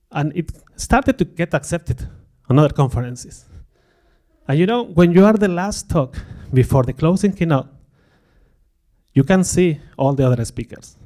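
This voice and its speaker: A man on a conference stage talks to the crowd with an open, self-mocking manner and laughs easily. His voice sits a little high for a man. He breaks into livelier voices when he repeats what others said. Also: darkish tone. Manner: candid, self-deprecating, laughs often; acts out quoted remarks in a livelier voice. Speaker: conference speaker. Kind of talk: conference talk. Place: conference stage before an audience.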